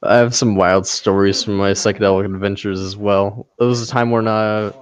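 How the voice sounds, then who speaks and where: A young man in casual chat, telling animated stories, laughing often and swearing freely. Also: lowish voice, normal speed, smooth, dry recording. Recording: dull dry recording.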